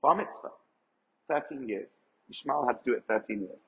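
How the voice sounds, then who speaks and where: A man's voice: medium pitch, lively intonation, brisk. A male rabbi giving an emphatic Torah lecture to a live audience and putting questions to them. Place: event hall with audience. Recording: echoey hall, dull lo-fi sound.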